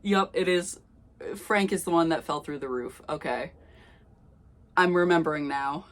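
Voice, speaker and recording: A woman's voice: deep voice, measured pace. A young woman reading her old story aloud, breaking off with wry, laughing asides. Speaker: youtuber.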